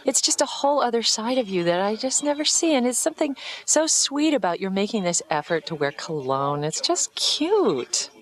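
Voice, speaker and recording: A woman's voice: on the high side, big pitch swings, normal speed, few pauses. An actress voicing a doting woman at a bar who gushes and teases in a sing-song way. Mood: gushing.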